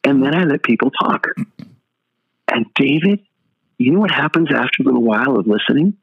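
An older male pastor, appearing as an interview guest, tells stories with energy and acts out other people's dialogue. His medium-pitched voice is brisk, gravelly and slightly rough, and the recording sounds a bit muffled and lo-fi.

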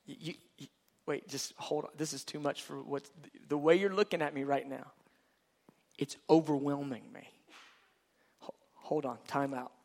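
A hushed, overwhelmed God, halting and breathless, his voice dropped lower and softer than the telling around it, as a man preaching acts him out. The phrases break off and restart as if he can hardly go on. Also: fairly even intonation.

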